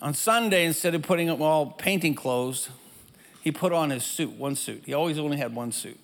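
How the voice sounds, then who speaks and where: A man's voice: a little high, moderate pace, a bit bright. An older man preaching, telling a rambling, self-deprecating childhood story with lots of restarts, in a church hall. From German family. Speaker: pastor. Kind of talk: storytelling sermon. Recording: echoey hall with music behind.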